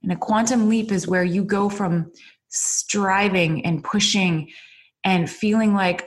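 A woman's voice: medium pitch, measured pace. A middle-aged woman hosting her own podcast, talking off the cuff in an earnest, emotional motivational monologue full of fillers and repeated "you guys". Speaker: podcast host and business coach. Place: indoors at a computer. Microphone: computer mic.

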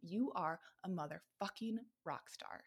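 A woman hosting a nutrition podcast, talking in an energetic, emphatic motivational monologue and swearing freely. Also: fairly low pitch, measured pace, husky. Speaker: podcast host, nutrition coach.

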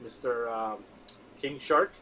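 An excitable man hosting a casual movie chat, rambling along with plenty of fillers and restarts. His voice sits at an ordinary middle pitch. A faint background hiss runs under the talk. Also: slow, poor audio. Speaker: podcast host.

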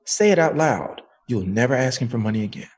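A man voicing God as a calm, knowing male spirit who chides and swears, speaking slowly and higher than his own voice. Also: husky. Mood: stern. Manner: slow, teasing, profane.

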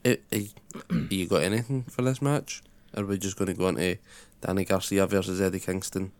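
Low-voiced man with a blunt sweary recap. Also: fairly even intonation, brisk. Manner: blunt play-by-play retelling with swearing. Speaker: podcast co-host recapping matches. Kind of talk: casual recap.

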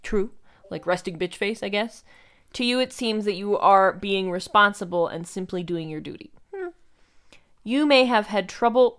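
A woman's voice: medium pitch, expressive, moderate pace, a bit bright, clear, resonant tone. A young woman reads aloud in casual conversation with a friend. She drops wry asides between the lines and giggles now and then. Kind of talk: casual chat, reading aloud.

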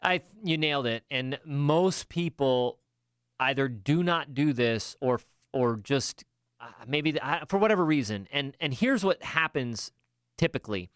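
A man from upstate New York hosting a podcast, talking in an upbeat, enthusiastic way with quick asides. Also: medium pitch, lively intonation, a bit bright, clear, resonant tone. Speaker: podcast host. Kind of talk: casual podcast chat.

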